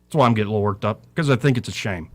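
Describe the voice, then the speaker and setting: This middle-aged talk radio commentator talks very fast in a lowish voice. He preaches with fervor, drawing on scripture and letting his voice swing up and down.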